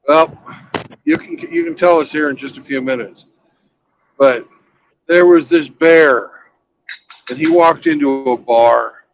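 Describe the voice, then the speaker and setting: A man's voice: on the high side, measured pace, pauses often, slight background noise, low-quality recording. A man hosting a casual talk show, joking with callers and telling a long joke. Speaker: host.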